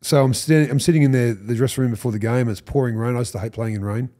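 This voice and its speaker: A man's voice: medium pitch, fast talker. An Australian man in his fifties, a former footballer, telling stories as a podcast guest and acting out the quoted people. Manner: animated storyteller who acts out quotes, swears and laughs. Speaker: podcast guest, former rugby league player. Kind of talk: casual storytelling chat.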